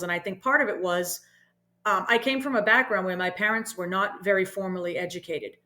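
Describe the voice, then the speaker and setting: A woman's voice: mid-range voice, fairly bright tone. A middle-aged woman from Boston, a guest on a leadership interview show, speaking earnestly and reflectively and often checking in with "right?". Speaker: podcast guest, leadership consultant. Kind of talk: casual interview talk.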